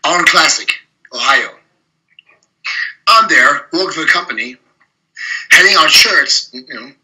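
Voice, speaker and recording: A middle-aged man tells his gym stories as an interview guest. His voice sits a little high and comes out hard and forceful. He is blunt and swears freely as he spins his anecdotes. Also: unhurried, poor audio. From Germany. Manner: blunt, profane, animated anecdotes with frequent laughs. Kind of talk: casual interview storytelling.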